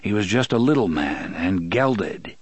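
A man narrating an audiobook in a measured, even storytelling manner. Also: lowish voice, breathy edge, no room sound. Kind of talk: scripted narration.

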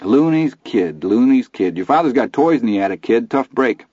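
A man's voice: mid-range voice, lively intonation, normal speed, a little mellow, husky, no room sound. A man voicing a fat, crude junkyard keeper who sneers and taunts. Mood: taunting. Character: fat bullying middle-aged male junkyard keeper. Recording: dull dry recording.

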